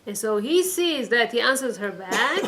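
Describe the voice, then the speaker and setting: With big pitch swings and a fairly bright, fairly high voice, a woman teaching her weekly Torah class tells a story at a moderate pace. She acts out the quoted voices and repeats phrases to drive points home, on a rough recording.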